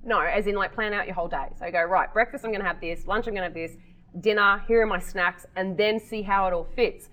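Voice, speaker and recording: A woman's voice: medium pitch, quick pace, a bit bright, poor audio. A woman co-hosting a podcast, explaining things practically with a teasing edge. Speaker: podcast co-host, health professional. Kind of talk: casual chat.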